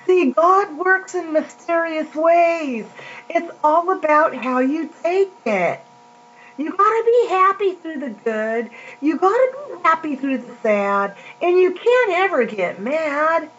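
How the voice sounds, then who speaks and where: A woman preaching in a casual, chatty way, her voice set a little high and her words unhurried and stretched out. The recording is dull and lo-fi, with a steady mains hum underneath. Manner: slow, drawn-out scripture reading with chatty asides. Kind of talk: casual sermon.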